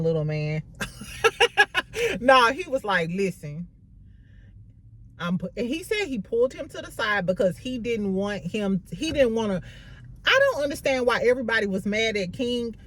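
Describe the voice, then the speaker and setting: A woman recapping a reality show in a casual, gossipy way, swearing freely and laughing as she tells it. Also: medium pitch. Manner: gossipy, profane, animated storytelling with laughs.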